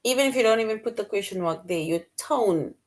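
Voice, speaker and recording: A woman's voice: mid-range voice, animated, brisk. A woman teaching a middle-school grammar lesson, repeating key points and explaining with examples.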